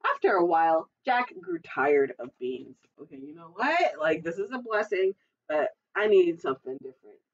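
A librarian reading a children's storybook aloud, adding chatty, giggly asides. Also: female voice, on the low side, sing-song, moderate pace. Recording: dull, distant recording.

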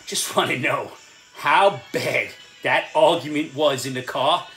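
Man, 50s, high voice, very lively pitch, sarcastic ranting vlog host, laughs as he talks. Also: moderate pace, soft background music. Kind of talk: comedic rant vlog.

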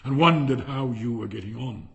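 A man's voice: medium pitch, normal speed, creaky, a bit bright, big-room sound, muffled recording. A man doing a smug preaching miller. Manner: lofty, preaching. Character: smug self-righteous male miller.

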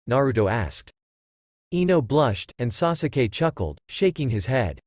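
A man narrating a fanfiction story aloud in a lively storytelling manner. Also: medium pitch, measured pace, no echo.

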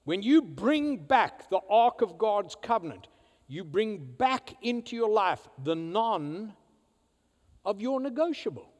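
A male pastor delivers a sermon from the pulpit, his voice high and leaping widely in pitch. He speaks slowly, driving home loud declarations and then dropping to hushed asides. The sound carries a long reverb from the church sanctuary. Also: sing-song.

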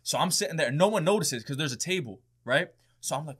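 Young male podcast guest, slightly high voice, lively and swearing, laughing through a story. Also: fast, breathy edge. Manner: animated, profane, laughing storyteller. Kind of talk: casual storytelling.

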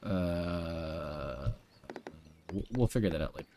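A man's voice: deep voice, expressive, takes it slowly, background noise. A young man chatting offhand with his viewers while playing a game, drifting from one tangent to the next. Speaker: streamer. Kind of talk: casual live-stream chat while playing a game.

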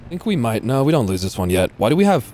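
A man's voice: medium pitch, very animated, fast talker, dark tone, slight background noise. A man casually commentating his own live gameplay, slangy and swearing freely. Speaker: streamer.

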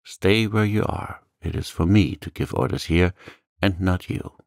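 A stern, proud magistrate with a low, gravelly voice gives curt orders, as a man reads him out. The slow, dry, close delivery suits a calm storybook reading. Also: dry recording, exaggerated voice. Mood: stern, uneasy. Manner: curt, commanding.

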